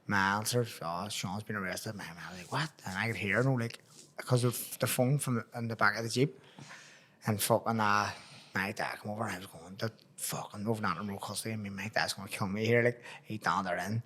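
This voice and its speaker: A man's voice: fairly low pitch, a little fast, pushed and bright. A man with a Belfast accent hosting a podcast, telling profane stories in casual chat and acting out the voices in them. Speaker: podcast host.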